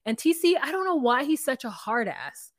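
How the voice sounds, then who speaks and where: A woman with a somewhat high voice talks through a reality show episode in loose, animated chat. Her sound is dry and close, with no room around it. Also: moderate pace, no room sound. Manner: animated, acts out quotes of reality TV people. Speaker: podcast co-host. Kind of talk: casual recap chat.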